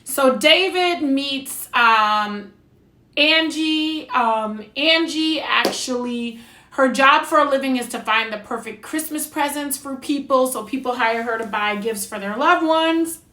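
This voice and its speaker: A high, bright-voiced woman from New Jersey talks through a movie review with blunt, sassy opinions. Her voice rings out in an echoey room. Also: slow. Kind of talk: casual review monologue.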